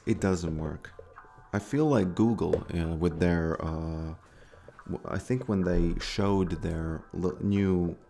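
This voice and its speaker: A man's voice: sits low, dark tone. A man chatting casually on a live stream, rambling and hesitant with many restarts.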